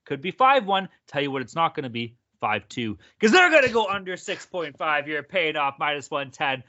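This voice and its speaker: A man's voice: fairly high pitch, sharp tone. A man hosting a sports betting podcast, brash and profane, hyping up his picks. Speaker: podcast host. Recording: dull lo-fi audio.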